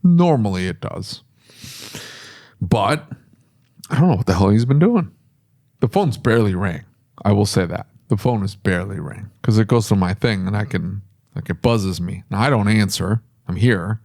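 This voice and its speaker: A man, a podcast host who owns a repair shop, talking casually and telling animated stories with laughs. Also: moderate pace, gravelly. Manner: animated storytelling with laughs, sudden high pitch for quoted voices.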